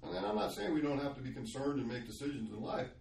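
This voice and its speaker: A man's voice: medium pitch, animated, fast, darkish tone, reverberant, distant mic, slight background noise. A middle-aged man sharing a Christian testimony in a conversational podcast, telling his story earnestly. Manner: earnest storytelling, acts out quoted voices.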